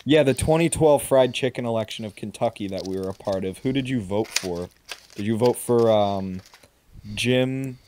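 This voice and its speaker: A man's voice: medium pitch, moderate pace, a little mellow, a little hiss or hum. A man co-hosting a podcast, chatting casually over a call, rambling and swearing freely. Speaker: podcast co-host. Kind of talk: casual chat. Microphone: video call.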